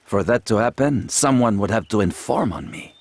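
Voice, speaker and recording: An actor playing a proud, flattering gunsmith with a French accent, in a video game. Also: male voice, on the low side, normal speed. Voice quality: fawning, theatrical salesman manner.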